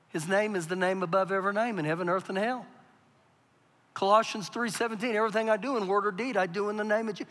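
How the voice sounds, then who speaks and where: Man preaching, high voice, reverberant church hall. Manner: preaching with big swings from quiet to loud. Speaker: pastor. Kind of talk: sermon.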